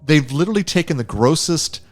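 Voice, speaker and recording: Animated, swearing man co-hosting a podcast. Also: on the high side, brisk, faint music behind. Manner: animated, swears freely, laughs often. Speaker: podcast co-host. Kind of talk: casual film review chat.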